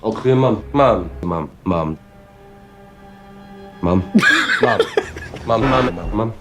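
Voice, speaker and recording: A man's voice: on the low side, expressive, extremely slow, music in the background. An actor with a Scottish accent playing a deferential male bodyguard in a TV drama clip, with clipped, formal lines. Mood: terse, dutiful. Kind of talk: TV drama dialogue. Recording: noisy clip played over a stream.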